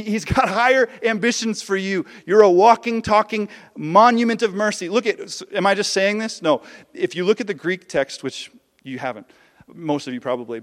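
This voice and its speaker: A man preaching a sermon with passion, swinging between loud peaks and hushed lows. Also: long reverb tail. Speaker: pastor.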